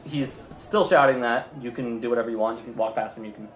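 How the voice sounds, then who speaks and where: A man narrating as game master of a tabletop game, chatty and lively with quick asides. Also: medium pitch, a little hiss or hum. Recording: roomy echo.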